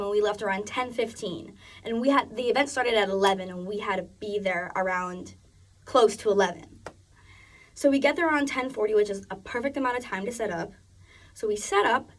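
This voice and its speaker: A woman's voice: a little high, far from the mic. A young woman giving a personal narrative speech, chatty and full of restarts. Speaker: student speaker.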